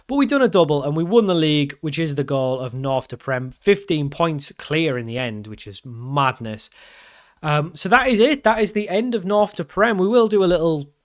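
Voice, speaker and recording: Excitable man commentating a game. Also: on the high side, moderate pace. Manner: excitable, groaning and pleading at game events. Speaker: gaming YouTuber. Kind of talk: live commentary on a football management game.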